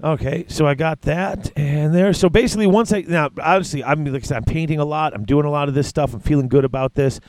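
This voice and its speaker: A man's voice: fairly high pitch, fast, hardly any pauses, a little mellow. A man hosting a casual hobby podcast, rambling and chatty, with frequent restarts. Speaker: podcast host.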